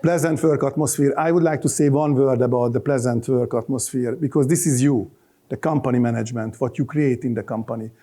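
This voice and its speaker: A man's voice: mid-range voice, fairly quick, mellow. A middle-aged man with a Hungarian accent, giving a loose, joking conference talk full of restarts and fillers. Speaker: conference speaker. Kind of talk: live conference presentation. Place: conference hall.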